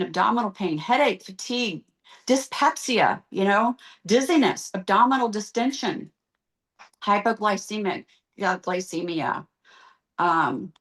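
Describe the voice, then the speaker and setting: A woman's voice: mid-range voice, a bit bright. A middle-aged woman, a guest on a podcast interview, speaking earnestly and with emotion, rattling off long lists of terms.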